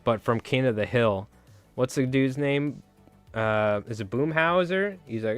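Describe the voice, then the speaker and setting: Man, livestream host, rambling and jokey, casual swearing, mid pitch, faint music underneath. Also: animated, unhurried. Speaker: fly-tying livestream host.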